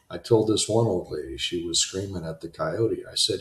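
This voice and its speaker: A man's voice: low voice, moderate pace, few pauses, echoey room. A man giving an unscripted motivational talk, rambling and conversational, often restarting his sentences. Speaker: self-help talk host.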